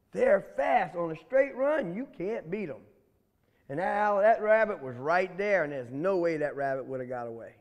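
Lively storyteller man. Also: on the high side, in a large hall. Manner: playful, chatty, asks the children questions. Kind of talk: oral storytelling to children.

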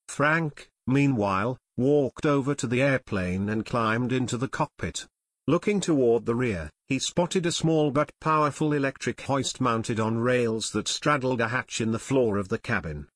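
Guy narrating an audiobook, steady and measured, dry close mic. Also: medium pitch, no room sound. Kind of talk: scripted narration.

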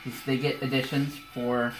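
A woman's voice: very deep voice, level tone, moderate pace, music in the background. A woman narrating as dungeon master in a casual, rambling way. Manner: casual, rambling with many fillers. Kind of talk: narrating a tabletop game. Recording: echoey room.

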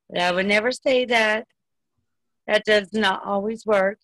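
A woman comedian doing a short stand-up bit on a video call, dry and deadpan. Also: medium pitch, moderate pace, no room sound, low-quality recording. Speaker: comedian guest.

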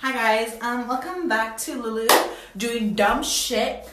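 A young woman vlogging casually at home, excitable and dramatic, with sudden loud exclamations. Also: a little high, takes it slowly. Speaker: beauty vlogger. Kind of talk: casual vlog chat. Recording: echoey room with faint noise.

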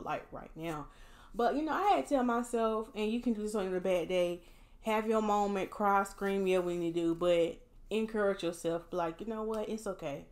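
Low-voiced woman, candid heartfelt vlog. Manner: candid and encouraging, addresses viewers directly. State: emotionally drained after a hard day. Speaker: vlogger. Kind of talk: casual heartfelt vlog talk.

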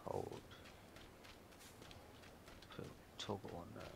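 A man's voice: drawn-out words, background noise. A man on voice chat as a teammate, giving short game callouts. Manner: terse callouts. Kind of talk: casual gaming chat.

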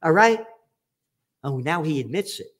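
A man's voice: fairly high pitch, expressive, a little slow. A man hosting a show, reading news headlines aloud and answering them with profane, sarcastic rants. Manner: profane, sarcastic, shouting mockery; reads headlines then mocks them. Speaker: trends forecaster and show host. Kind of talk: ranting commentary on news headlines.

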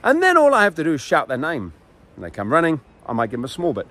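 A man's voice: fairly high pitch, wildly swooping pitch, fast, pushed and bright. A man giving dog training tips in a casual, chatty way, acting out the dogs and owners as he explains. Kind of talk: casual instructional talk.

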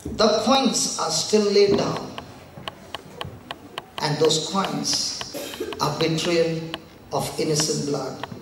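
A man preaches with slow, weighty pauses, his voice a little high for a man. He sounds far from the mic in a big, echoing hall, with faint room noise behind him. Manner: slow, dramatic delivery with long pauses. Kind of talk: sermon with acted quotes.

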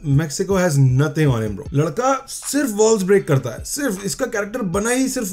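A man from Pakistan, hosting an excited trailer reaction, switching between Urdu and English and calling everyone "bro". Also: high voice, very fast. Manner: hyped, exclamatory, repeats himself with "bro". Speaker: reaction video host. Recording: trailer music loud behind.

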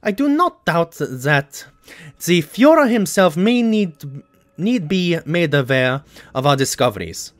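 A man's voice: fairly high pitch, sing-song, a little slow, dry recording. A man voicing a stiff wartime official, reading a letter aloud in an exaggerated mock German accent. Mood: formal.

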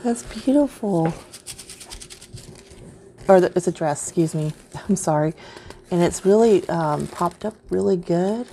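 A woman's voice: fairly low pitch, expressive, a little slow, vocal fry, pauses often, mellow, a little hiss or hum. A woman vlogger unboxing craft mail in casual chat, gushing and easily delighted.

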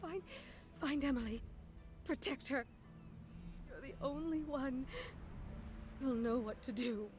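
A woman's voice: high-pitched, slow pace, pauses often. A woman voicing a dying empress who pleads faintly and urgently, with music playing over her voice. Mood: pleading. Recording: game audio under music.

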